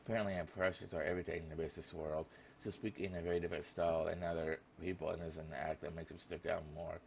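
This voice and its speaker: A man's voice: low-pitched, flat delivery, quick pace, vocal fry, slight background noise. A young man reading a visual novel aloud in a casual manner, stumbling over names now and then. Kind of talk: reading game text aloud.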